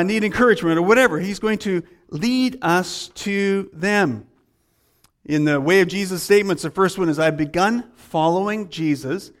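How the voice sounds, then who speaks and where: High-voiced man preaching a sermon. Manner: storytelling preacher, acts out dialogue with swings in pitch and pace. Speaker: pastor.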